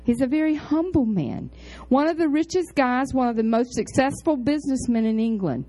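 Animated woman preaching. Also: moderate pace, low-quality recording. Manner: chatty, animated, jumps between high exclamations and low asides. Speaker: pastor. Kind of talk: storytelling sermon.

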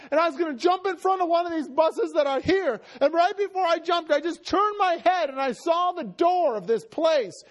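A man's voice: very high-pitched, voice pushed up. A man voicing a desperate woman in crisis, pleading urgently as he retells her words in a sermon.

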